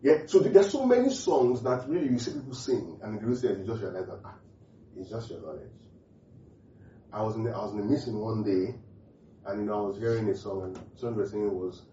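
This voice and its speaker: A man preaching a sermon, asking the congregation questions and driving points home by repeating phrases. His voice is dark and mellow. It is picked up from a distance in a roomy, echoey hall on a muffled recording. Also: lowish voice, animated, fast, slight background noise. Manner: call-and-response questions to the congregation; repeats key phrases emphatically. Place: church hall.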